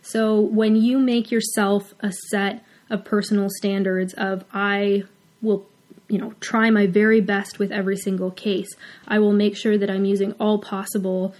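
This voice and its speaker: A woman's voice: medium pitch, level tone, moderate pace, darkish tone. A woman veterinarian hosting a talk, speaking earnestly and at times emotionally as she encourages other vets. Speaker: host. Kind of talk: heartfelt advice talk.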